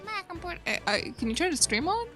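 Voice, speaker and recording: Brief: teasing woman let's-player, high, casual chat with friends. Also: big pitch swings, fast, bright, forceful tone, soft background music. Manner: playful, teasing, swears freely. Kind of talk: casual chat over a game.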